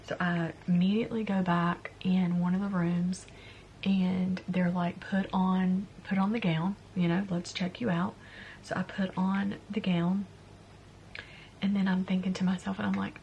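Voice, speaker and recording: A young woman telling a personal story in a storytime vlog, talking in a soft, confiding way that often drops to a hushed near-whisper. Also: on the low side, vocal fry, a little hiss or hum. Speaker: beauty vlogger.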